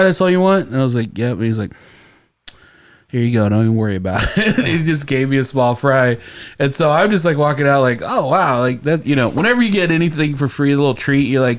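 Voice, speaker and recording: Guy hosting a podcast, rambly stories, laughs a lot, middle pitch. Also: dry recording. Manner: rambling storyteller, laughs often. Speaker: podcast host. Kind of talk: casual comedic chat.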